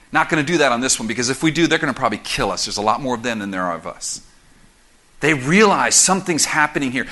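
A man preaching a sermon as pastor, explaining scripture verse by verse in an animated, conversational way with quick asides. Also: on the high side. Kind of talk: expository sermon.

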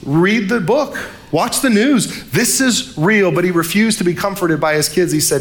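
A young man preaching a sermon, animated, acting out the characters' lines as he retells the story. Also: on the high side, normal speed, slight background noise. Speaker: pastor.

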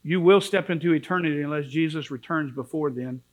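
Preaching in a church, a man pours passion into his sermon, alternating between yelled warnings and quiet pleas. He speaks briskly, and the recording is rough.

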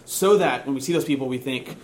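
A man's voice: mid-range voice, brisk. Young male pastor, casual self-deprecating sermon storyteller, mid-range voice, faint noise behind. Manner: casual and self-mocking, laughing at himself.

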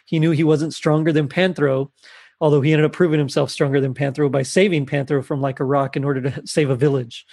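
A man's voice: on the high side, little pitch movement, a little fast, creaky, a little mellow, no echo, clean studio sound. A man in a casual podcast chat, rambling with many fillers and restarts.

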